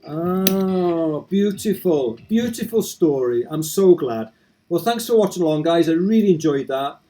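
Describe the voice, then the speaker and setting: A man's voice: fairly high pitch, expressive, unhurried, mellow, a little hiss or hum. Gushing man playing a video game. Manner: effusive, gushing reactions. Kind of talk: casual gameplay commentary.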